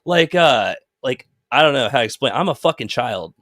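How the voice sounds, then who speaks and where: A man's voice: medium pitch, expressive, moderate pace, fairly bright tone, no echo, studio quality. A man talking in a loose, rambling and profane way in a casual chat, hosting a live stream. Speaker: host.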